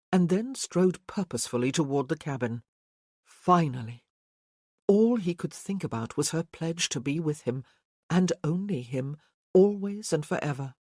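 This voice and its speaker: A woman narrating a historical romance audiobook in a steady, even storytelling voice. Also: low-pitched, no room sound, clean studio sound.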